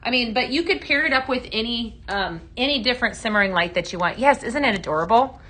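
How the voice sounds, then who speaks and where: A woman with a bright, clear voice pitched a little high hosts a live sales stream. She sounds upbeat and chatty, calling out viewers by name and filling pauses with easy fillers. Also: lively intonation.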